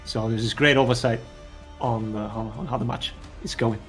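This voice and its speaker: A man explaining game clips as a guest analyst in a casual, relaxed way. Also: medium pitch, normal speed, faint music behind.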